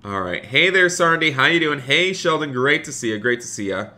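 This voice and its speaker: A man's voice: on the high side, lively intonation, brisk, pushed and bright. A young man live-streaming a game, upbeat and chatty, reading viewer messages aloud and thanking them by name.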